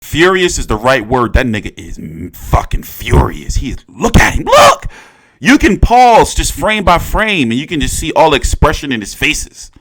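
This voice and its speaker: A young man reacting to a press conference in casual, profane commentary, often jumping into loud, excited outbursts. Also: medium pitch, moderate pace, few pauses. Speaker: boxing commentator.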